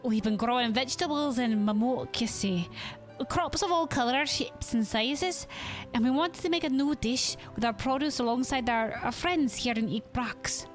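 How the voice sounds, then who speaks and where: A woman's voice: a little high, moderate pace, soft background music, pitched above the performer's own voice, natural voice. A woman voicing a polite, eager young adventurer with a slightly formal manner.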